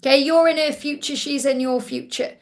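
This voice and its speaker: High-voiced woman giving a reassuring psychic reading. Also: steady tone, fairly quick. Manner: soothing, reassuring, often ends with "okay?"; repeats key phrases for emphasis. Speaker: psychic reader answering viewer questions. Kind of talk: live-stream Q&A card reading.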